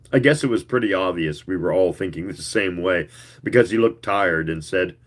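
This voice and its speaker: A man giving a live reading of a story in a slow, measured storytelling manner. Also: deep voice. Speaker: reader.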